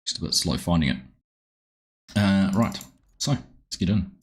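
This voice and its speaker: A man's voice: sits low, expressive, a little slow, slight background noise. A man with a New Zealand accent hosting a live game stream, chatting casually and greeting viewers by name.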